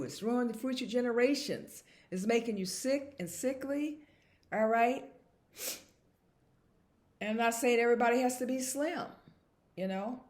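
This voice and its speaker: A woman vlogger talking to camera in a casual monologue, emphatic and repetitive and chuckling at herself. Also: mid-range voice.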